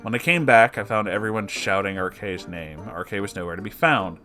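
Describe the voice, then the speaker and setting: A man reading an online story aloud with expressive, sarcastic, swearing asides. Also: fairly low pitch, brisk, soft background music. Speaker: story reader.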